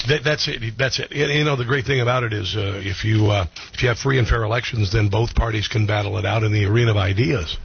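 A man's voice: on the low side, quick pace, creaky, hardly any pauses, lo-fi sound, a little hiss or hum. A man hosting political talk radio, blunt and opinionated, with frequent ums and restarts.

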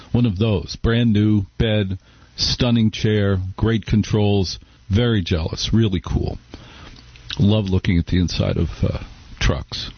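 A man's voice: on the low side, breathy edge, no echo, lo-fi sound. Wry, rambling talk radio host man. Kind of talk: casual talk radio monologue. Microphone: studio microphone.

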